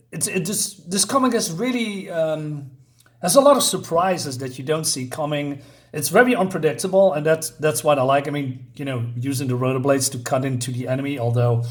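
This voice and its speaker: Chatty man reviewing a comic, halting. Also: fairly high pitch. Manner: chatty and halting, with fillers and self-corrections. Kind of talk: casual comic review, reading panels aloud.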